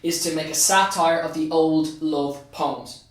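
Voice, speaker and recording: A man's voice: fairly high pitch, steady tone, measured pace, distant mic. Irish male teacher in an echoey room. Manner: explains step by step, switching between Irish and English, repeating key phrases. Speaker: teacher and state examiner. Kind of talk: exam revision tutorial.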